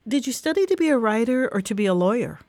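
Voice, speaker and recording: A woman's voice: fairly high pitch, very animated, quick pace, a little mellow, no room sound. Woman interviewer with short, attentive replies. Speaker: host.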